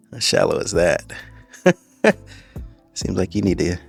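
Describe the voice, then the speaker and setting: A man's voice: low voice, big pitch swings, slow pace, gravelly, husky, soft background music. A man reacting to a clip with mocking, chuckling commentary. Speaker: reaction host.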